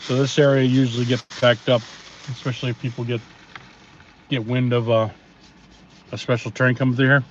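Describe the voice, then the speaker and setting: A man chatting casually with viewers on a live stream, relaxed and rambling, with many pauses and fillers, recorded on a phone outdoors. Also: medium pitch. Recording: dull lo-fi phone audio, faint noise.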